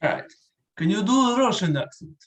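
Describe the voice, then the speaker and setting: A man's voice: high-pitched, expressive, fairly quick. A man from New Zealand hosting a casual interview, upbeat and playful as he prompts games. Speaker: podcast host.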